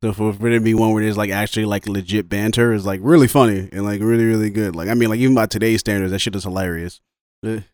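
A man's voice: on the low side, steady tone, fast talker, a little mellow, no echo, clean studio sound. A man co-hosting a podcast in casual chat, laughing a lot, with loose slangy talk. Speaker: podcast co-host.

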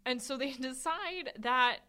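A woman's voice: high-pitched, measured pace, bright, forceful tone. A woman co-hosting a podcast, chatting casually about a film and laughing often as she retells its scenes. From Swedish. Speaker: podcast co-host.

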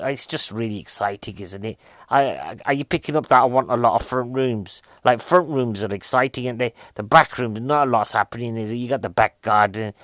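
A man's voice: mid-range voice, fairly bright tone, dry recording. Comedian guy rambling on, keeps asking you questions, goes off on tangents, dry close sound. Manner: chatty, asks the audience questions, goes off on tangents. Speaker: stand-up comedian reviewing a film. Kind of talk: rambling comic monologue.

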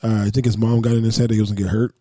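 A man's voice: fairly low pitch, flat delivery, rapid-fire, warm tone, no room sound, studio quality. A man co-hosting a podcast, telling stories in a blunt, profane, joking way. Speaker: podcast co-host. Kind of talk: casual chat.

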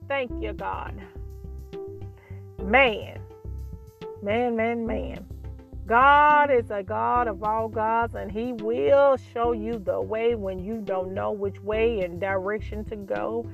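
Crying woman thanking god over and over, slow gravelly voice, soft music behind. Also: on the high side, highs cut off. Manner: fervent, repetitive, praising God. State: crying happy tears. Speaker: podcast host. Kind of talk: emotional personal testimony.

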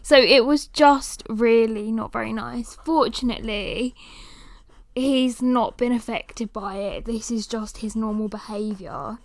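High-voiced woman telling a story. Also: unhurried, dry recording, studio quality. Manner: animated retelling, sometimes turning to coo at her dog. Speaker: podcast host. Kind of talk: casual storytelling podcast.

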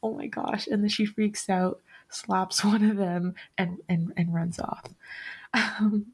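A woman hosting a podcast at an unhurried, slow pace. She talks casually and rambles, stopping often to correct herself and filling pauses with ums and likes. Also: mid-range voice, steady tone, darkish tone, breathy edge. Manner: rambling, self-correcting, many fillers. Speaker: podcast host. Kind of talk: casual chat.

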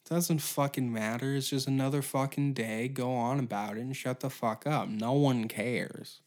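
A man's voice: medium pitch, fairly even intonation, normal speed, a little mellow. Twenties male podcast host with a profane, sarcastic rant. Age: 20s. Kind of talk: solo comedy podcast rant.

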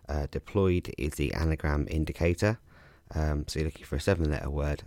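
A man casually explaining crossword clues as a podcast host, relaxed and chatty with frequent ums and restarts. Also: very deep voice, no echo.

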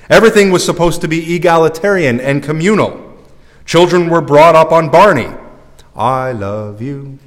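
Man preaching in an echoey hall. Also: fairly high pitch. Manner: conversational, self-deprecating preaching. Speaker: priest. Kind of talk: sermon.

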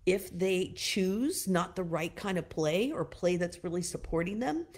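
Woman, lowish voice, casual teaching talk, chatty, lots of fillers, speaks straight to listeners, gentle advice. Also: animated, a little slow. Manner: loose and chatty, many fillers like "you know" and "like". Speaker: wellness teacher.

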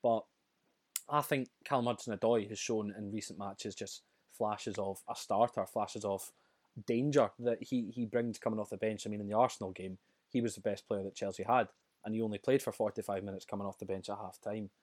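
A man with a fairly low voice co-hosts a casual football discussion. He talks chattily, restarting sentences and laughing now and then. The sound is dry and close. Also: steady tone, brisk, no room sound. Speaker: podcast co-host.

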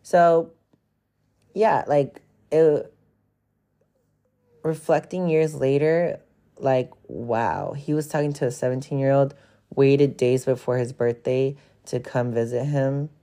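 Gravelly-voiced young man telling stories frankly. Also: medium pitch, slow, dark tone. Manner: frank, profane, rambling with many fillers. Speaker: podcast host. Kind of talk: casual confessional storytelling.

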